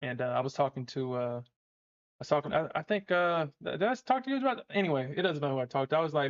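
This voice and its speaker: A man with a slightly high voice talks fast while hosting a live trading stream, chatting casually, swearing and laughing often in an animated way. The stream audio is dull and lo-fi.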